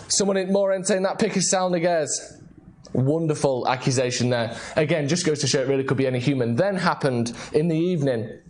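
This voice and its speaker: A young man hosts a casual late-night football stream. His voice sits a little higher than most men's, and he rambles through playful, jokey banter. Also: fairly quick, a little mellow. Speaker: host. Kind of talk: casual live-stream chat.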